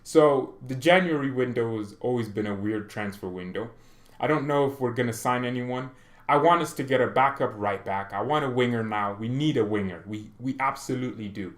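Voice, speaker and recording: A man's voice: medium pitch, brisk. Rambling man in an echoey room. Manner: rambling, opinionated, self-interrupting. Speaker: fan channel host. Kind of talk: casual football commentary vlog.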